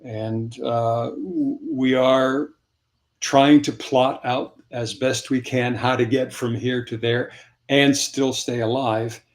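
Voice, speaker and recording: A man's voice: medium pitch, fairly even intonation, slow pace. An older man, a comic creator, chatting casually on a livestream, rambling and spelling names aloud as he signs items for fans.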